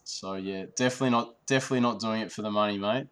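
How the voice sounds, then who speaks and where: A man's voice: fairly low pitch, very fast, a bit bright, clear, resonant tone. A man from Australia with an Australian accent, a guest chatting casually and easily, often saying "mate". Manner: easygoing, says "mate" often. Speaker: small business founder, guest. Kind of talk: casual chat.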